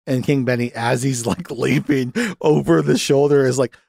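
A man's voice: mid-range voice, steady tone, normal speed, vocal fry, darkish tone, no room sound. A man in the middle of his range chats about a film, retelling scenes and slipping into quoted lines between laughs. The sound is dry and close, with no room around it. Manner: rambling recaps with quoted lines and frequent laughs. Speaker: podcast host. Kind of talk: casual movie discussion.

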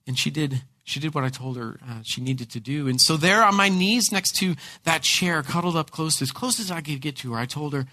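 A man preaching a sermon as pastor, telling a personal story in an animated way with frequent repeated words. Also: a little high, a little fast, hardly any pauses, no echo.

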